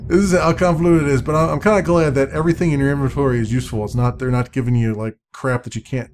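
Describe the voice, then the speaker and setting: A man's voice: mid-range voice, fairly even intonation, racing, faint music behind. Man thinking aloud over a game. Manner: thinking out loud, chatty. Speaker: let's play host. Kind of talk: casual gameplay commentary.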